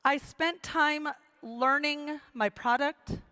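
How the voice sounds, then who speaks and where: A woman's voice: high-pitched, slow, pushed and bright, no room sound. A middle-aged woman giving a motivational speech to a live audience, telling her story with quoted dialogue and emphatic repetition. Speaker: motivational speaker.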